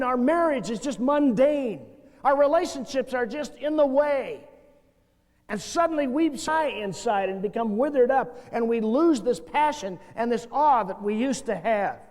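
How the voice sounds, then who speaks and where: Man, middle-aged, high-pitched, animated storyteller, impassioned talk, long hall reverb. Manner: animated storyteller who acts out quoted voices. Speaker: seminar speaker for youth workers. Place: large church hall with audience. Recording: reverberant hall, glitchy VHS tape transfer.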